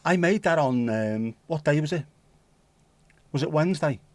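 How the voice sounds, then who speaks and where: A man's voice: fairly high pitch, animated, moderate pace, no echo. A man with a Scouse accent hosting a livestream, chatting casually in a rambling, jokey, sweary way. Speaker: livestream host. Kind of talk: casual chat.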